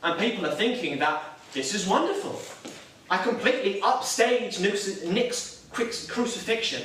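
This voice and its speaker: A man's voice: sits high, animated, moderate pace, fairly bright tone, slight background noise. An actor playing a nervous, self-doubting young Catholic man, talking in a hesitant, wry, self-deprecating way in a stage drama. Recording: echoey room, mic far off.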